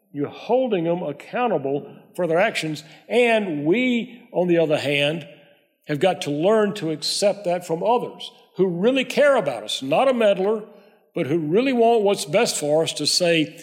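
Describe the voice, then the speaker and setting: Male pastor, conversational measured sermon delivery, reverberant church. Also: high voice, animated. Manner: measured, conversational preaching with prayer.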